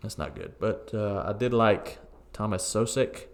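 A man with a deep, gravelly voice chats casually about football results. He is opinionated but relaxed, often pausing on "uh" and "um" as he thinks. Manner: relaxed, opinionated, frequent fillers. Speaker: co-host of a football podcast. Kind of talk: casual sports chat.

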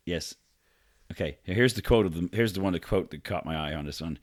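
A man with a very low, deep voice co-hosts a loose podcast. He reads news items aloud, stumbling over names, and keeps breaking off to mock them with profane asides. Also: brisk. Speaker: podcast co-host reading news. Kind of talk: casual podcast banter.

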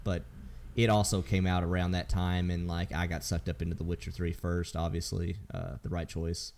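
Man, very low voice, podcast host, casual gaming chat, rambling. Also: little pitch movement, normal speed, darkish tone. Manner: rambling, full of ums and restarts.

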